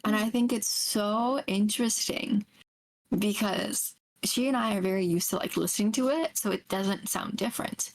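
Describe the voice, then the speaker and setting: A woman's voice: mid-range voice, moderate pace. Woman enunciating carefully in casual chat. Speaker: podcast co-host.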